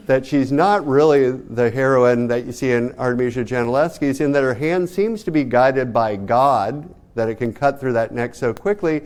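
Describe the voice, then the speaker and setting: A man lecturing a class in a loose, conversational way. His voice sits at a middle pitch. He keeps asking his students rhetorical questions. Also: darkish tone. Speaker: art history lecturer.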